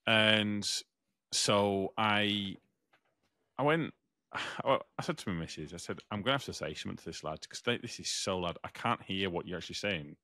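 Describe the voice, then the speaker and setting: A British man co-hosting a podcast, telling a story in casual chat, animated and swearing freely. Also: fairly low pitch, normal speed, no echo, studio quality. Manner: animated, swears freely, acts out other voices. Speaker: podcast co-host.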